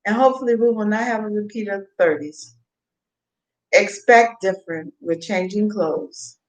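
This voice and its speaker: A woman's voice: mid-range voice, moderate pace. A woman vlogging in a meandering, casual monologue, repeating herself as her thoughts wander. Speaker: mukbang vlogger.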